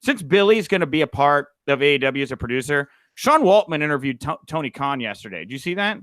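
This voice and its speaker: Bright-voiced young male podcast host. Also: on the high side, quick pace, no echo. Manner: animated storyteller, frequent "uh" fillers. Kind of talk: casual wrestling news chat.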